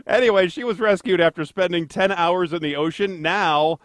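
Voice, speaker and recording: A man with a somewhat high voice hosts a casual podcast, rambling through stories with filler words and self-deprecating jokes. The sound is dry and close, with little room around it. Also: normal speed, no echo. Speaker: podcast co-host, traffic anchor.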